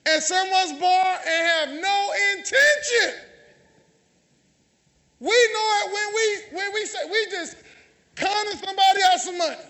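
A Southern US pastor preaches in a church sanctuary, teasing his congregation and calling out to them. His very high voice is pushed and bright, a little slow, with long pauses, recorded through a handheld or stage mic.

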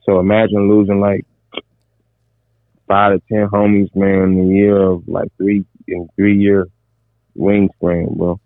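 Low-voiced man on a tinny line. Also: flat delivery, a little slow, long pauses, no room sound. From Minneapolis, USA. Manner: laid-back, repeats "bro" and "man". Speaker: podcast co-host. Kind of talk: casual chat.

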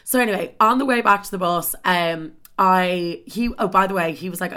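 A young woman telling a story in a casual, animated way, swearing often and saying "like" constantly. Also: lowish voice, moderate pace. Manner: animated, swears a lot, heavy filler "like".

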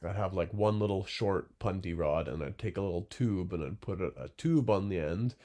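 Easygoing man, low voice. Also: normal speed, mellow. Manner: rambling, loose, lots of fillers and "right?". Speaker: glassblower guest. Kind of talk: casual interview chat.

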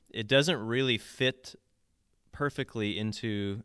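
A man with a low, clean voice talks through song lyrics in a casual podcast chat. He explains in detail and restarts his sentences often. The sound is close and dry, with no room echo. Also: steady tone, moderate pace, a bit bright, smooth. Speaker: podcast co-host. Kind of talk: casual album discussion.

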